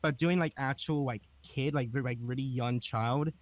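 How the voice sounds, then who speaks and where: A man with a youthful, medium-high voice, hosting a casual podcast chat and talking hesitantly with many fillers. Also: fairly even intonation, normal speed, no room sound. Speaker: podcast host.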